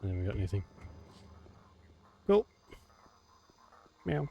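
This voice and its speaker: A man's voice: fairly low pitch, big pitch swings, slow pace, creaky, lo-fi sound. A man chatting casually while streaming a game live. He laughs often and keeps saying meow. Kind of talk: casual live gameplay chat.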